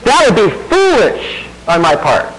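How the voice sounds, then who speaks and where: A man's voice: sits high, huge pitch swings, a little slow, a bit bright, slight background noise, rough recording. A middle-aged male pastor preaching a sermon in a conversational way, asking the congregation rhetorical questions and laughing at himself now and then.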